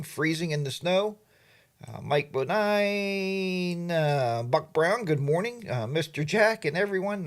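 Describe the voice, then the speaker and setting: A middle-aged man hosting a casual livestream, chatty and playful, greeting viewers by name. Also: a little high. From Pennsylvania, USA. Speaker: livestream host. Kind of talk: casual live chat.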